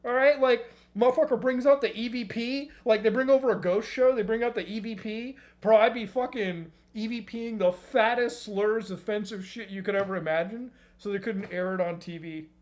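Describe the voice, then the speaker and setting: A man's voice: high-pitched, normal speed, hardly any pauses, a little mellow. A man streaming, ranting casually in a rambling, profane and joking way. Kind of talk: casual reaction-stream rant.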